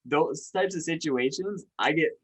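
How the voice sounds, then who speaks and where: A man's voice: on the high side, unhurried, husky, low-quality recording. A man hosting a podcast, chatting casually and agreeably with his guest and using plenty of filler words. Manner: easygoing, agreeable, frequent fillers. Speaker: podcast host. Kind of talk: casual interview chat.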